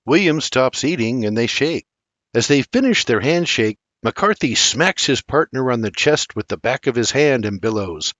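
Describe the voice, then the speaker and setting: An older man reading a historical audiobook in an expressive, measured narration. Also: mid-range voice, no room sound. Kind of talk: scripted storybook narration.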